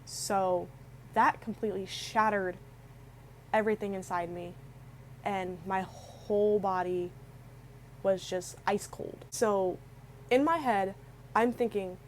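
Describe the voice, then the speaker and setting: A young woman recounts a painful personal story in an emotional storytime vlog. Her voice sits at a mid pitch, and she rambles as she talks, restarting her sentences and acting out the dialogue. A faint steady hiss runs underneath. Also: slow, long pauses, poor audio. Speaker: vlogger telling a personal story.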